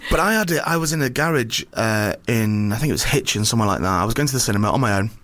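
A man spins a story in casual chat, words tumbling out quickly. His pitch leaps around a lot, and he stumbles and restarts as he goes. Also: animated, a bit bright. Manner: rambling, self-interrupting storyteller with lots of restarts. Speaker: comedian and podcast co-host. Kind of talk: casual chat, anecdote telling.

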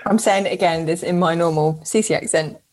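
A woman co-hosting a podcast, chatting casually, swearing and expressive. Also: lowish voice, brisk. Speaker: podcast co-host. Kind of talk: casual banter.

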